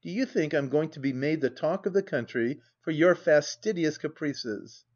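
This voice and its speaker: A man's voice: fairly high pitch, lively intonation, moderate pace, darkish tone, muffled recording. A man reading the part of a dissolute husband who blusters, swears and mocks. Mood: insolent. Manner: blustering, mocking.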